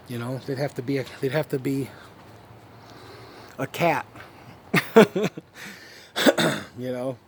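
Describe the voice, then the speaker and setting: A man's voice: medium pitch, slight background noise. A man talking in a rambling, profane monologue, full of fillers and repeated asides to the listener. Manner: rambling and profane, fillers and repeated 'you know what I mean'. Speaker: vlogger.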